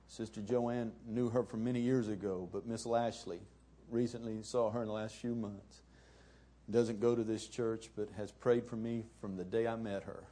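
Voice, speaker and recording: A middle-aged pastor with a drawl preaches in a folksy, conversational manner, spinning stories for his congregation. His voice is mellow and warm, with a husky edge. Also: fairly low pitch. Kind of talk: sermon with folksy storytelling.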